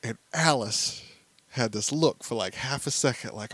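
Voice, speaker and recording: A man in his thirties, co-hosting a podcast, tells a family story in casual conversation and acts out the voices of the people in it. His voice is medium-pitched and a little slow, with no echo, and he's an animated storyteller who performs the quotes.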